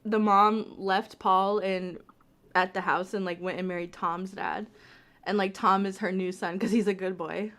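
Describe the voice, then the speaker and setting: A woman's voice: mid-range voice, a little slow. A woman co-hosting a podcast, chatting casually about horror films and acting out lines in funny voices. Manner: animated, acts out quotes in voices. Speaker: podcast co-host. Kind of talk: casual movie chat.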